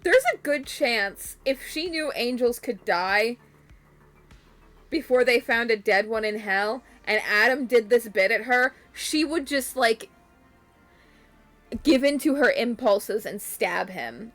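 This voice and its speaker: Slow-talking laughing woman streamer. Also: fairly high pitch, animated, a bit bright, soft background music. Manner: laughing often, crude swearing, playful storytelling. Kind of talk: casual chat.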